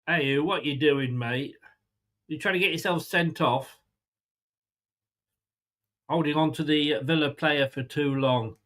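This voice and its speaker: A man's voice: a little high, takes it slowly, pauses often, a bit bright. A man hosting a live football watchalong, blunt and sweary, sarcastic and exasperated as he reacts to the match and teases his chat. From England. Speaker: fan channel watchalong host.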